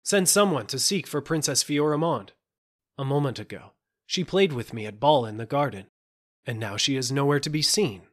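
A man reading a fairy tale, voicing a clever young squire who speaks with calm, teasing confidence. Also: medium pitch, normal speed, pitched above the performer's own voice. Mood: proclaiming.

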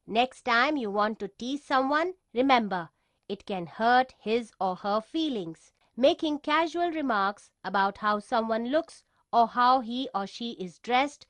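A woman's voice: on the high side, a bit bright, no echo. Woman telling a children's story lesson. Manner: asks children direct questions.

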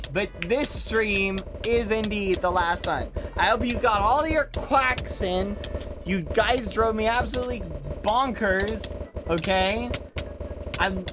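A woman's voice: mid-range voice, natural voice. Woman playing an exasperated male streamer. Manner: exasperated, scolding chat. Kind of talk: live gaming stream. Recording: background music.

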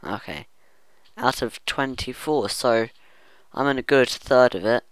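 A mid-range male voice, a little slow, a bit bright and smooth, comes through a dry recording. He hosts a gaming channel and rambles over his own gameplay, musing out loud and humming here and there.

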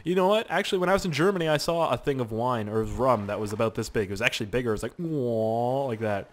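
A man's voice: mid-range voice, racing. A young man commentating a survival game, rambling, joking and talking to himself. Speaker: gaming channel host. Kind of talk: let's play game commentary.

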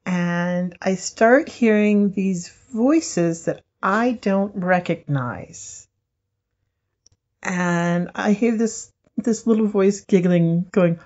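A woman co-hosting a podcast, telling a story in a lively way and laughing often. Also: medium pitch, lo-fi sound. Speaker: podcast co-host.

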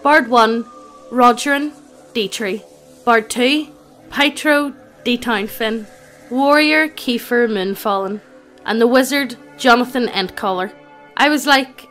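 A woman's voice: on the high side, slow pace. A synthetic woman's voice reading out a tabletop gaming story as scripted narration, evenly and without fillers. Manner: even text-to-speech reading without fillers. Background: faint background music.

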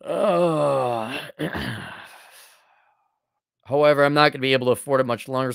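A man's voice: medium pitch, gravelly, a bit bright, no room sound, studio quality. A male host reading a viewer's letter aloud and answering it with blunt, mocking sarcasm.

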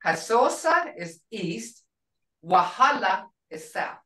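An older woman teaching a language class, telling a family story in a rambling, warm-hearted way with restarts. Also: medium pitch, sing-song, slow, recorded from a distance. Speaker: language instructor. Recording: roomy sound from off the mic.

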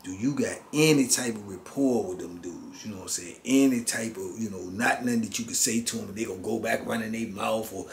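Speaking a little fast and barely pausing, a middle-aged man with a lowish voice tells an interviewer about his time in prison. His talk is full of street slang, with "man" and "you know what I'm saying" scattered everywhere, and the audio has a slight hiss or hum.

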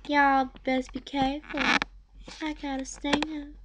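A woman voicing a cocky male cartoon bee who talks in a slow drawl. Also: high-pitched, little pitch movement, very noisy, voice pushed up. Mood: boastful. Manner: slow drawl full of "y'all".

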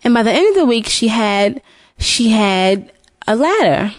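A woman's voice: on the high side, very animated, a little slow, no room sound. A woman retelling a fairy tale from memory, often restarting and repeating words as she goes. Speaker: storyteller. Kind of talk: unscripted storybook retelling.

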